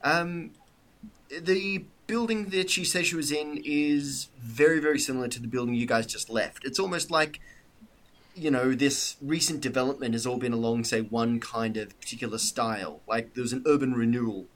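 A man's voice: medium pitch, moderate pace. A man narrating as game master, hesitant and chatty with many restarts. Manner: hesitant, full of ums and restarts.

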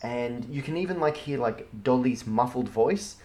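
A man, the game master, narrating a tabletop game in a relaxed, rambling way with lots of fillers. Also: medium pitch, moderate pace.

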